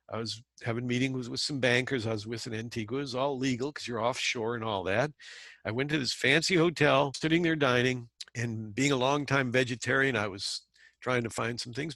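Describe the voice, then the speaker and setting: A middle-aged man rambles through a casual monologue in a conversational way, tossing in sarcastic asides. His voice sits at an ordinary middle pitch. The sound is dry and close, with no room around it. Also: fairly bright tone, no room sound. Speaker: channel host.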